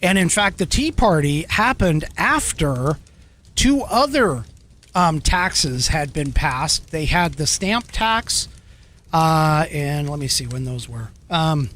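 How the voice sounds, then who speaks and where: Man, podcast host, reading history aloud, chatty asides, animated intonation. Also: a little high, slow. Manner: chatty, digresses, hesitant fillers while searching notes.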